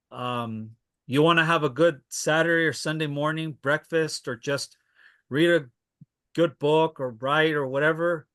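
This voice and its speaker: A man talks through his favorite albums in a loose, casual way, pausing often with fillers and restarting his sentences. His delivery is slow and his tone is bright. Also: a little high. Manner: unhurried, hesitant with many fillers and restarts. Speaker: music recommender on a panel. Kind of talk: casual chat.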